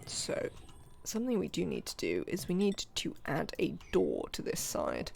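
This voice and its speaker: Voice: mid-range voice, wildly swooping pitch, moderate pace, creaky, soft background music. A UK streamer giving chatty let's-play commentary, thinking aloud and talking to the game's characters. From United Kingdom. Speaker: live game streamer.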